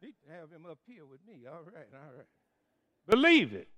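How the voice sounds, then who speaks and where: A man's voice: sits high, huge pitch swings, normal speed, pushed and bright. A man preaching a call-and-response sermon, as a Methodist preacher who throws questions to the congregation and draws out the key words.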